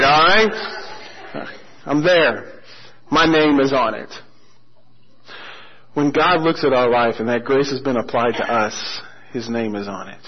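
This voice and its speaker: A man preaching a sermon as a pastor, telling stories with humor and slowing down hard on key phrases. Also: medium pitch, breathy edge. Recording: muffled lo-fi sermon recording.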